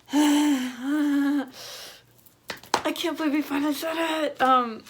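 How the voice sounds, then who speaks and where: A woman giving a casual spoiler film review, gushing and excitable, with lots of fillers. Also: sits high, slow pace, noisy background.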